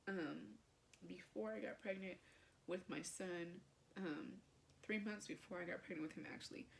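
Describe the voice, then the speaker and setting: A woman's voice: mid-range voice, creaky, slight background noise. A young woman vlogger telling a personal story to camera in a chatty, emotional way, with lots of fillers.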